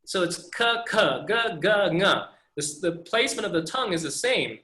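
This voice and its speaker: High, bright-voiced male teacher. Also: expressive, normal speed, roomy sound. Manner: patient, demonstrating sounds repeatedly. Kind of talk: online pronunciation class. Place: video call.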